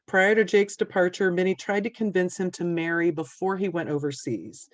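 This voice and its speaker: A woman from a museum narrating a local history story calmly and clearly, with small fillers. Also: fairly low pitch, moderate pace, dry recording. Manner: calm, explanatory, with small fillers. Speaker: museum presenter.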